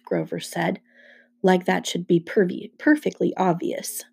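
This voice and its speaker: A woman reading a first-person novel aloud with brisk storytelling. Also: fairly low pitch, fairly even intonation, creaky, darkish tone, breathy edge. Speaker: audiobook reader.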